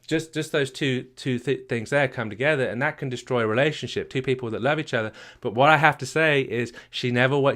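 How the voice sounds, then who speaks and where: Man coaching couples, low voice. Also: fairly bright tone. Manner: emphatic, rhetorical questions, many repeated words. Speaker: marriage coach. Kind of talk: live retreat session, teaching.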